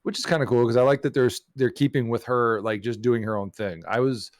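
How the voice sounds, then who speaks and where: A man's voice: mid-range voice, steady tone, fast talker, dry recording, studio quality. A man hosting a podcast in casual chat, rambling and using lots of filler words. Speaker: podcast host.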